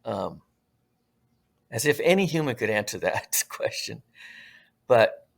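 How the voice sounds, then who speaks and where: Brief: middle-aged SoCal man, retired firefighter, low-pitched, earnest and reflective storyteller. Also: big pitch swings, vocal fry. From Southern California. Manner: earnest, reflective, with slow drawn-out phrases. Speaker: podcast guest, retired firefighter. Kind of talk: casual storytelling.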